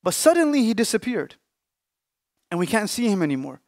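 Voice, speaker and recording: A young man, an Islamic scholar, preaching an emotional sermon, emphatic with hushed pauses. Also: high-pitched, big pitch swings, dry recording, studio quality. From Canada. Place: mosque or lecture hall.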